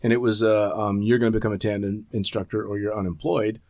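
A man's voice: lowish voice, little pitch movement, fast, darkish tone, dry recording. A middle-aged man, a skydiving instructor, chatting casually and candidly, swearing freely. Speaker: tandem instructor and podcast host. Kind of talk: casual chat.

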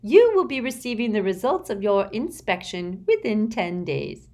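A woman voicing a prim, sugary middle-aged woman inspector who talks in a high, sweetly menacing way. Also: sing-song, moderate pace, darkish tone. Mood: sugary menace.

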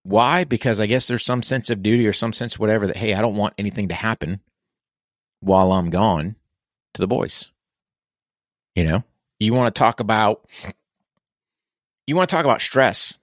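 Blunt low-voiced veteran man. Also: normal speed, long pauses, no echo, clean studio sound. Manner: blunt, earnest, swears casually. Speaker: military veteran guest. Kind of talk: candid podcast conversation.

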